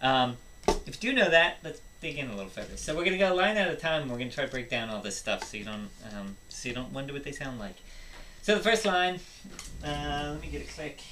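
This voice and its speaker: A man's voice: on the high side, lively intonation, fast talker, background noise. A man teaching a drum lesson, explaining step by step and counting rhythms aloud. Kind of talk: instructional drum tutorial. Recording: loud music and drumming behind. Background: drum playing and music.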